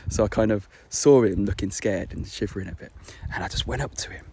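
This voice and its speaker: A man's voice: lowish voice, fairly quick, gravelly, warm tone, slight background noise. Rambling, sweary young man. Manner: rambling, sweary, full of fillers and restarts. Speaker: vlogger. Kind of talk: casual chat to camera.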